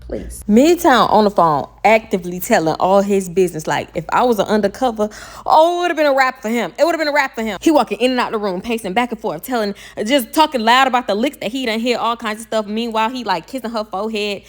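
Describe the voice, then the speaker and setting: A young woman from telling a casual storytime, blunt and animated, and she swears freely. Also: a little high, quick pace. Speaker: vlogger.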